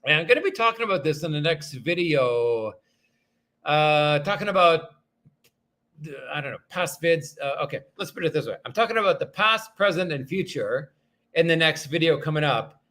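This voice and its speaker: A man with a high, bright voice hosts a relaxed livestream, thanking viewers one after another. His talk rambles with frequent restarts, and he pokes fun at himself along the way. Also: moderate pace. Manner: rambling, self-deprecating, thanks viewers often. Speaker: livestream host reading viewer comments. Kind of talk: casual livestream chat.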